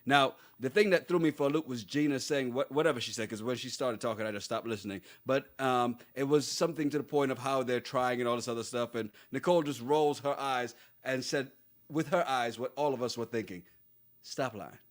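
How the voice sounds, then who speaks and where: A man's voice: medium pitch, fairly quick. A man co-hosting a podcast, talking things through in casual chat with emphatic repeats. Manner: talks things through, restarts, emphatic no-no-nos. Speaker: podcast co-host.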